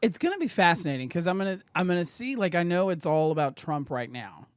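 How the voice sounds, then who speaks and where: A man's voice: sits high, very animated, quick pace, clear, resonant tone, no echo. A man appearing as a guest on a talk show, chatting casually and reading news stories aloud with sarcastic asides. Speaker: actor guest. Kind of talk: casual chat.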